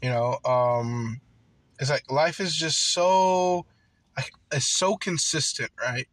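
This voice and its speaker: A man's voice: mid-range voice, a little slow, a bit bright, no room sound. A man telling a casual story in a rambling way, full of swearing and fillers like "like". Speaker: worker on a night job.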